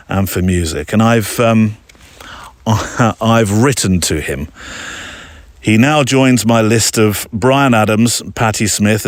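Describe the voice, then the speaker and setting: A man's voice: on the low side, dry recording. A man hosting a photography podcast, reading a listener's letter aloud and breaking off for playful, jokey asides to the audience. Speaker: podcast host.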